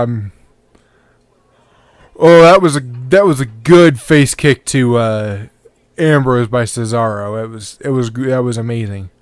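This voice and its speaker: A man's voice: mid-range voice, clean tone, no room sound. A sleepy man hosting a podcast, giving casual, rambling commentary on a match and swearing now and then. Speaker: podcast host.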